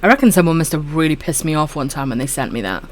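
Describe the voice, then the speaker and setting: A woman from Wales with a husky voice and a dry throat, chatting casually to viewers while streaming a game and calling them her darlings. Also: sits low, animated, fast talker, a little hiss or hum. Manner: affectionate, calls viewers my darlings.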